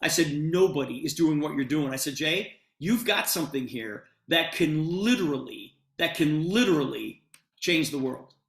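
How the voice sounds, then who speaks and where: A man's voice: a little high, expressive, moderate pace, a bit bright, roomy sound. A man giving a sales presentation, retelling a conversation with lots of quoted dialogue. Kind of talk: storytelling sales pitch.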